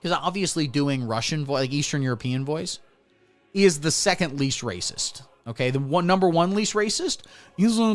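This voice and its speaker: A man hosting a satirical comedy livestream who rants crudely and sarcastically, swinging between mumbling and loud. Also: a little high, animated, moderate pace. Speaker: comedy streamer.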